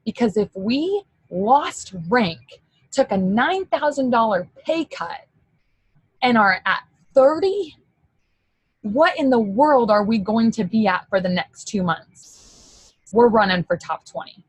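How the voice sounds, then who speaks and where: A woman leading a sales team, giving a casual, emotional pep talk full of "like" and excited asides. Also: a little high, slow, breathy edge, no echo, low-quality recording. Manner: casual, chatty, mild swearing.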